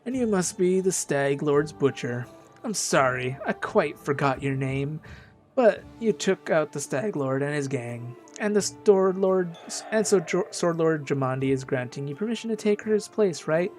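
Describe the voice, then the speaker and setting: A man's voice: on the high side, animated, a little slow, a little mellow, soft background music. A man reading as a haughty noble baron. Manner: dismissive, reading game dialogue aloud with stumbles.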